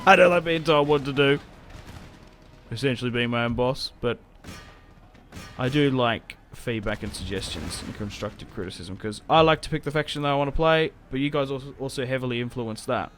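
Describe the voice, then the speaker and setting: A young man giving casual, rambling game commentary, self-mocking and prone to sudden excited outbursts. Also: medium pitch, moderate pace. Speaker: gaming YouTuber. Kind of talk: casual Let's Play commentary. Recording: game music playing faintly behind.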